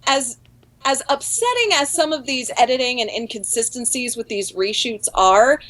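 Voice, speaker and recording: A woman's voice: on the high side, animated, normal speed, fairly bright tone. A woman co-hosting a podcast, chatting casually and ranting at length with strong opinions. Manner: opinionated, talks in long run-on rants. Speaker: podcast co-host. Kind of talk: casual panel chat.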